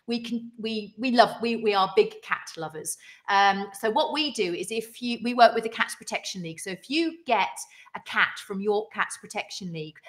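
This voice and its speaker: A woman with a northern English accent co-hosting an online gin quiz, chatty and quick to laugh. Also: medium pitch, fairly bright tone. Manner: chatty, quick to laugh, reads questions out slowly. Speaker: quiz co-host. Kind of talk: casual online quiz chat. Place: home room, online stream. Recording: echoey room.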